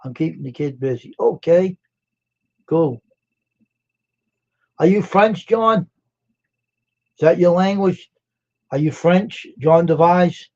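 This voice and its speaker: A man's voice: on the high side, slow, gravelly, long pauses, a little mellow. A man hosting a casual live stream, chatting with viewers by name and asking them questions. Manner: chatty, greets and quizzes chat viewers by name. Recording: dull lo-fi sound.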